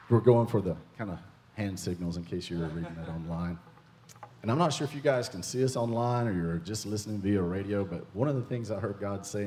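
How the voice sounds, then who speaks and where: Playful minister in a reverberant church. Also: male voice, fairly low pitch, slight background noise. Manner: playful, excitable, jokes with the congregation. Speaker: guest minister. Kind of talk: prophetic ministry at a church service. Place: church sanctuary.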